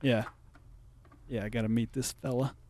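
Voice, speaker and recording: A man's voice: mid-range voice, fairly even intonation, moderate pace, a little mellow, no room sound. A man co-hosting a podcast, chatting bluntly and swearing often while he laughs. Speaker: podcast co-host. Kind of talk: casual crude podcast chat.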